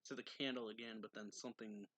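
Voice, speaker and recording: Guy rambling through a manga recap, lots of "like", clears his throat a lot, dry close sound. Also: on the low side, steady tone, fast talker, pushed and bright, no echo. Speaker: manga reviewer. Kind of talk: casual chapter recap.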